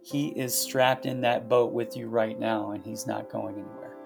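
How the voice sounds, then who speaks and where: A man hosting a devotional podcast, talking through a Bible passage in a reflective, halting way with many fillers. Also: fairly low pitch, fairly even intonation, creaky, over loud music. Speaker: pastor and podcast host. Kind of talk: conversational devotional podcast talk.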